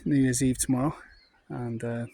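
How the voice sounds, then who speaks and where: A man's voice: mid-range voice, fairly even intonation, moderate pace, vocal fry, warm tone. A man in his fifties with a North Welsh accent, telling anecdotes in a chatty, rambling way with plenty of fillers. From North Wales. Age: 50s. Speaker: vlogger. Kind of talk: casual anecdotal monologue.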